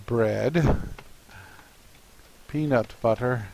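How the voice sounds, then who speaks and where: In a creaky, mellow mid-range voice, a man who draws comics muses out loud as he plans one, hesitating often and filling gaps with pauses and filler words. The audio is poor.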